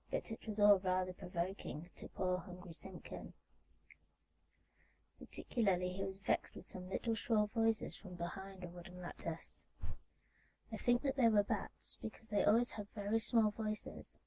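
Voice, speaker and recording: Woman, calm gentle storybook reading, warm mellow tone, soft ASMR, binaural mic. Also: medium pitch, low-quality recording. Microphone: binaural microphone.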